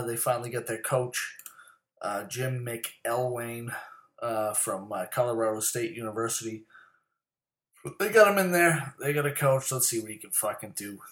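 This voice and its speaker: A man's voice: mid-range voice, roomy sound. A man giving a heated, profane, rambling monologue about sports. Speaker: sports commentary host. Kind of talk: profane casual sports rant.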